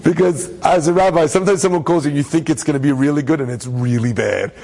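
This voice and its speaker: Animated high-voiced male storyteller. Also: fast, creaky, low-quality recording. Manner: animated, joking, acts out characters, uses Hebrew terms. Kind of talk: storytelling talk to an audience.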